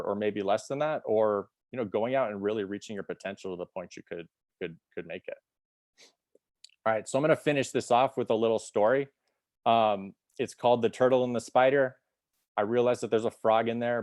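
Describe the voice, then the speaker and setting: A man's voice: on the low side, darkish tone, no room sound, studio quality. A man giving a casual sales training talk over a video call, rambling with many fillers. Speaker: sales team presenter.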